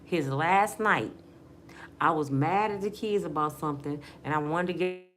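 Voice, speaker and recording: Her low-pitched voice has a fairly bright tone and a moderate pace as this middle-aged Michigan woman shares her life story as a personal testimony. The talk is earnest, casual, and emotional, with slight background noise.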